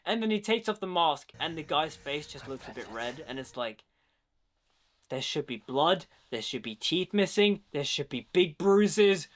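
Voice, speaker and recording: A man with a fairly high voice talks through a movie in a casual commentary. He is opinionated and chatty, and he scatters "like" throughout his sentences as he makes his points. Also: expressive, unhurried. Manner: opinionated, chatty, many "like" fillers.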